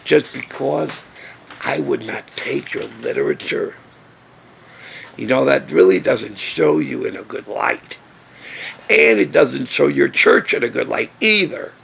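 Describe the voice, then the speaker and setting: Gravelly, slow-talking indignant man. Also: medium pitch, animated, a bit bright. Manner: indignant, ranting with rhetorical questions. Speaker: video blogger. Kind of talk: casual opinion vlog. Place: outdoors near a smoking area.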